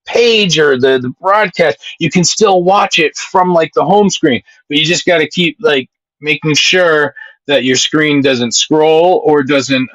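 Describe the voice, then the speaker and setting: A man chats live with his stream audience, rambling from point to point and reading their comments aloud. His voice has a sharp, bright edge, and he swears freely. He sounds close and dry, with no room behind him. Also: fairly high pitch, no room sound, highs cut off. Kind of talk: casual live-stream chat.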